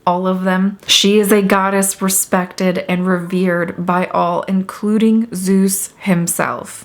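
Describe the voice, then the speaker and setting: A woman hosting her own channel, giving a chatty educational talk with bubbly asides and quick laughs. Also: lowish voice. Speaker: channel host.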